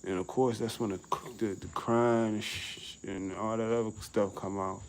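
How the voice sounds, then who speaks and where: A man's voice: lowish voice, steady tone, normal speed, a little hiss or hum, rough recording. A middle-aged man vlogging outdoors on a summer evening, talking in a laid-back, slangy way and laughing often. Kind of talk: casual outdoor vlog rant.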